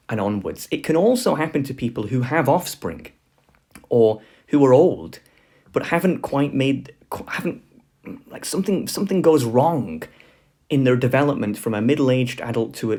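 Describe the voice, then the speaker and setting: A man's voice: medium pitch, mellow. A man giving a casual spoken lecture, rambling with lots of fillers and asides.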